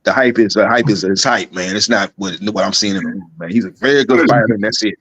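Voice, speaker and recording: A man's voice: fairly low pitch, a bit bright, dry recording. A man co-hosting a boxing talk show in casual chat, loose and repetitive in his phrasing. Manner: fast, loose, repeats himself. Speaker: boxing podcast co-host.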